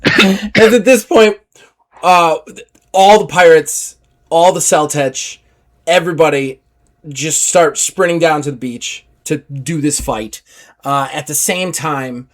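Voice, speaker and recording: A man narrating as game master of a tabletop role-playing game, animated and laughing, bursting into shouted character lines. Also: on the high side, slow pace.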